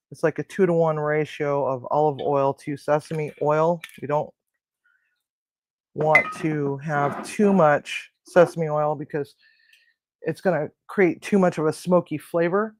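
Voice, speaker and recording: On a live cooking stream in a home kitchen, a host with a medium-pitched voice chats casually with viewers and grumbles to themself while cooking.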